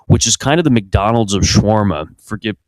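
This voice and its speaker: Low-voiced man rambling crudely. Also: fairly quick, no echo. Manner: rambling, crude, self-interrupting. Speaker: podcast host. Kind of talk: casual comedic monologue. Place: home basement.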